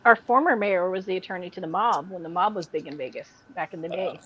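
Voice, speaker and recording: A woman hosting a casual podcast chat, telling animated stories and laughing along. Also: on the low side, fast, slightly rough, highs cut off. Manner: animated storyteller, mimics people she describes. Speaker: podcast host.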